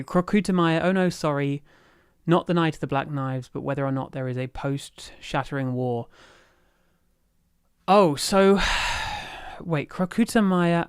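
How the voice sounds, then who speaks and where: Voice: medium pitch, clear, resonant tone, no room sound, clean studio sound. A livestream host chatting casually at home, rambling and easily sidetracked, thinking aloud with many fillers and restarts. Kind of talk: casual lore chat on a livestream.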